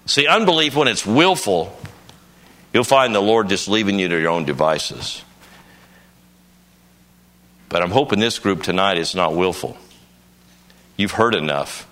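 Preaching at a conference, an older man speaks in a deep, low register that keeps a bright, forceful edge. He is expressive and unhurried, pausing often as he relates a homely personal story in folksy style and then rises into emphatic bursts.

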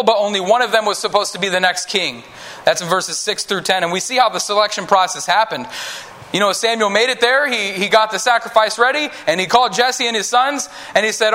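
A man's voice: high voice, pushed and bright. A man giving a children's sermon in a conversational way, acting out Bible characters in voices. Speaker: preacher teaching children.

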